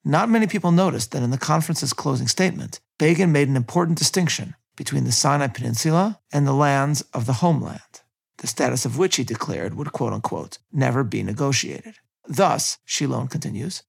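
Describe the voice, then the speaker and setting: Gravelly man reading a history lecture. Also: medium pitch, expressive. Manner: measured, quotes sources.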